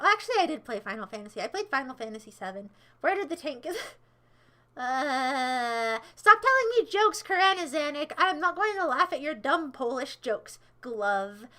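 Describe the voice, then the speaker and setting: A woman's voice: high-pitched, sing-song, normal speed, bright, forceful tone. A young American woman livestreaming, casually rambling and teasing her chat with sarcastic remarks.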